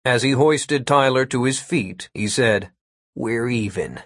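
Dry, measured male story narrator. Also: medium pitch, fairly bright tone, no room sound. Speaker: audiobook narrator.

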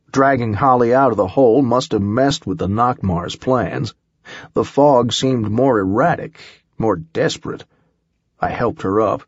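A man narrating a first-person audiobook in a measured, steady storytelling manner. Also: mid-range voice, slightly rough, dry recording, highs cut off.

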